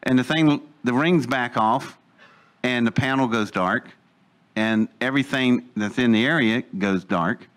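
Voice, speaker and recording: A man's voice: medium pitch, a little slow, a bit bright. A man telling a personal story in casual speech, acting out the voices he quotes and laughing as he goes. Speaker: storyteller recounting his own experience.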